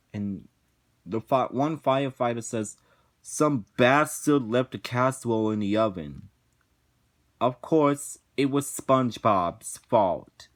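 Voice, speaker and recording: A man giving a casual review rant, talking slowly with frequent restarts, repetitions and swearing. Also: mid-range voice. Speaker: episode reviewer.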